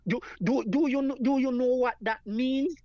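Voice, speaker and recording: A Jamaican man with a high voice speaks as an interview guest. He tells his story earnestly, repeating himself and addressing the listener as "man of God." The sound is dry and a little dull. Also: moderate pace, a little mellow, no echo. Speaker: guest performer.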